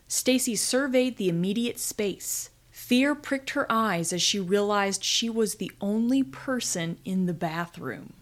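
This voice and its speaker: Woman narrating a spooky comic tale. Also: mid-range voice. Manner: dry comic storytelling with dramatic pauses. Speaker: podcast host and story writer. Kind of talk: scripted story narration.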